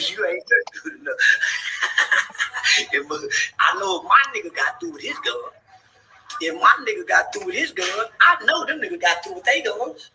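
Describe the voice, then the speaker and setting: A man telling a story on a podcast in a boisterous, profane way. His high, bright voice swings widely in pitch and breaks into shouts and laughter. It sounds like a remote mic in an echoey room. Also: slight background noise. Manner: bursts into shouting. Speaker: podcast guest. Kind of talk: animated storytelling.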